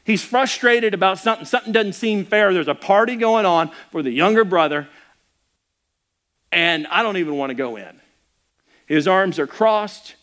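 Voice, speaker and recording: Delivering a sermon, this middle-aged man tells the story in a conversational, animated way, voicing the characters' quotes himself and often restarting his sentences. As a pastor, he speaks at a normal pace with a high voice.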